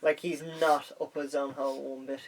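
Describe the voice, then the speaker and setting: A man's voice: medium pitch, flat delivery, fairly quick, poor audio. A man guesting on a podcast in casual chat, laid-back and giving short remarks.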